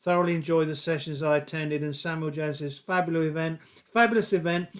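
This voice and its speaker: A playful man presents a live stream, teasing his co-host and reading viewer messages. His voice sits high for a man. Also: steady tone, brisk.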